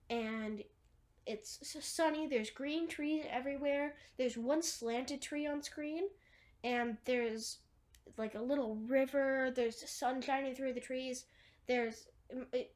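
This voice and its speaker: A woman's voice: high-pitched, a little slow, a little mellow. A woman retelling a film scene by scene in a rambling, casual way, full of "like" and restarts. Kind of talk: casual movie recap.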